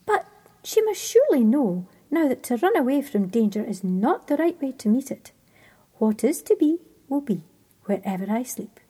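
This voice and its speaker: A woman's voice: sits high, big pitch swings, normal speed, mellow, husky, exaggerated voice. A woman doing a kind, earnest young man. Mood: thoughtful. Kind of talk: whispered role-play.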